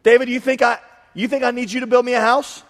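A man's voice: extremely high pitch, level tone, fast talker, fairly bright tone, voice pushed up. A man preaching who voices God as a playful, mock-scolding character in a reverberant hall. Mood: teasing. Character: God as a teasing, playful male voice.

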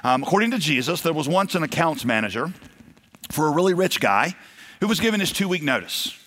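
A man's voice: a little high, big pitch swings, brisk, fairly bright tone. A man preaching a sermon in a conversational way, acting out the quoted voices of his stories. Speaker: pastor. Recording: long hall reverb.

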